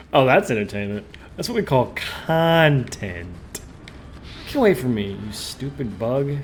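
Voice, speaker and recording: A man's voice: mid-range voice, slight background noise. A young man hosting a podcast, joking and reacting aloud while playing a video game. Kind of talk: casual gaming chat.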